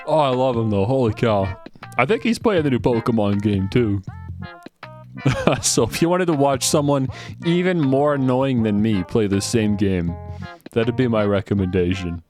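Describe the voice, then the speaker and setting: A man's voice: mid-range voice, a little mellow. A man giving casual, joking commentary while playing a video game. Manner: joking, chatty, laughs a lot. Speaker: let's play gamer.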